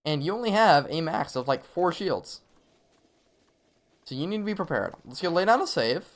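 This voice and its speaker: A young man streams a game live and casually explains tactics, offering commentary and tips. His voice is a little high with big pitch swings at a moderate pace, and he's chatty, laughing often and using many fillers.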